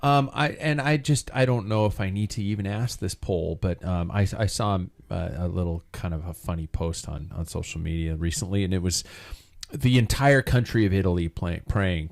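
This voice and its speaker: Deep-voiced man hosting a podcast. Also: moderate pace, creaky. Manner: tells jokes, asks the panel questions. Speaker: podcast host. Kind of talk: casual chat. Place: studio.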